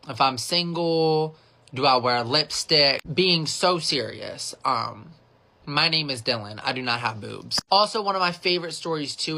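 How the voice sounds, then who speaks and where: A man who works in phone customer service tells a casual storytime with a sassy, chatty manner and a voice higher than most men's. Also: pushed and bright. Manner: chatty and sassy, fills with 'like'.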